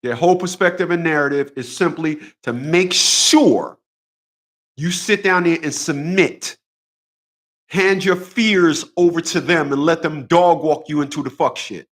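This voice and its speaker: A man's voice: fairly high pitch, unhurried, a bit bright. A man hosting his own channel, talking in a casual monologue. He is blunt and profane, and he repeats phrases over and over for emphasis. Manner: boxing talk, combative. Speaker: channel host.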